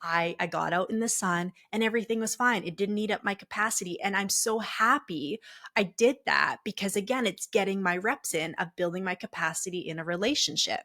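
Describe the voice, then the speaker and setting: A woman's voice: mid-range voice, a little fast, sharp tone. A woman podcast host and coach telling a personal story in a candid, chatty way, full of fillers and restarts.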